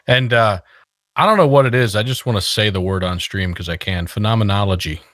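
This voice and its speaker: A man's voice: on the low side, fairly quick, a bit bright, no echo, studio quality. A man co-hosting a podcast, bantering in a laid-back, jokey way and passing on comments from chat. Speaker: podcast co-host. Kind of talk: casual banter.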